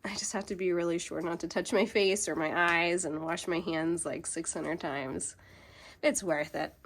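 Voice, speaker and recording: A woman's voice: on the low side, steady tone, normal speed, fairly bright tone. Chatty homestead lady filming herself outside, kinda breathless, laughs a lot, camera in hand. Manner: chatty, bubbly, laughs easily. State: slightly out of breath. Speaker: homesteading vlogger. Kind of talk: casual vlog walkthrough. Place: outdoors on a farm, by a chicken coop. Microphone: handheld camera.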